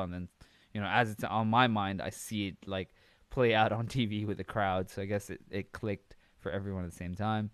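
Rambling man with a low, dry voice. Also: dry recording. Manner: rambling, casual, swears, frequent fillers. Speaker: podcast host. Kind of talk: casual solo commentary.

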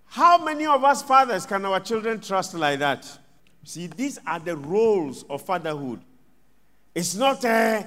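Male pastor, high voice, theatrical sermon delivery, echoing church hall. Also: expressive, a little slow. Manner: dramatic swings between loud and hushed, acts out scenes. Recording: long reverb of a large hall.

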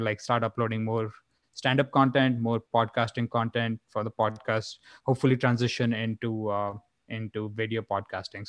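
A man's voice: medium pitch, no echo. A young man from India, a stand-up comedian talking casually as a podcast guest, rambling with many fillers and restarts. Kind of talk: casual chat.

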